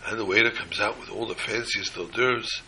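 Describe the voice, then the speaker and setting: A man preaching a sermon, telling a story with lively emphasis. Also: lowish voice, moderate pace, slight background noise, poor audio. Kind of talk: sermon with a told joke.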